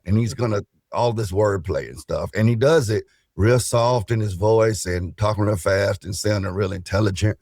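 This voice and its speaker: A middle-aged man in a casual podcast debate, speaking in a folksy, dismissive way with drawn-out phrasing. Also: on the low side, darkish tone, no echo, studio quality. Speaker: co-host panelist.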